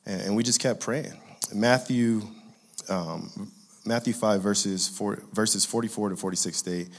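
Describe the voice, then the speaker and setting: A man in his thirties from California, his voice sitting a bit low as he tells a personal faith story. He speaks in an earnest, conversational way and laughs now and then at his own jokes. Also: measured pace, gravelly. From Inglewood, California. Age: 30s. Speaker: father sharing a faith testimony.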